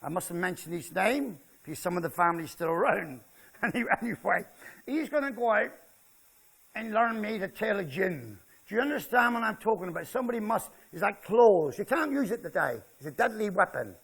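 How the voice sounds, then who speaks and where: An older West Country man from Devon, an author, delivers humorous country stories at a festival talk, chatting, joking and checking in with his seated listeners. He speaks briskly in a high, sing-song voice that's a bit bright and husky, with vocal fry.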